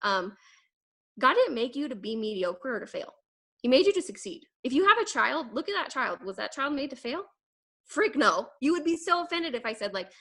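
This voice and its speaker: A young woman giving an energetic, emphatic motivational talk to her sales team, rambling quickly with fillers. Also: high voice. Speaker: direct sales team leader. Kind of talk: casual motivational talk to camera.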